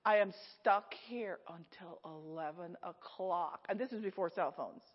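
A middle-aged woman preaching a storytelling sermon, animated, laughing often and acting out the people in her story. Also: on the low side, unhurried. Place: church hall. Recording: echoey hall, slightly dull sound.

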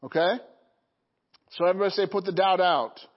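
High-voiced preaching man, lo-fi. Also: fairly quick. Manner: call-and-response preaching, frequent "Okay?" and "Amen?". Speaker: pastor. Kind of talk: sermon. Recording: dull lo-fi recording.

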